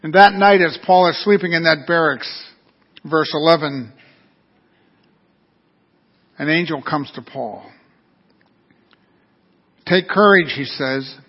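A man's voice: a little high, unhurried, pauses often, slightly rough. A man preaching an earnest, storytelling sermon. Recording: dull lo-fi recording.

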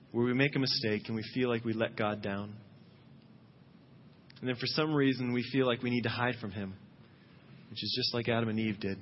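A man's voice: medium pitch, slight background noise. A man preaching a sermon as pastor, earnest and imploring, rising to fervent calls. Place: church sanctuary. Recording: muffled sound in a long-reverb hall.

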